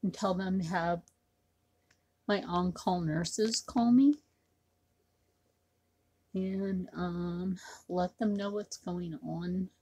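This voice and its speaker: A woman vlogging to her camera, rambling and circling back to the same points, with fillers between her phrases. Her voice is husky and her delivery is slow and unhurried. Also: lowish voice, steady tone, a little mellow. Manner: rambling, repetitive, with many fillers. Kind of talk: casual talk to camera.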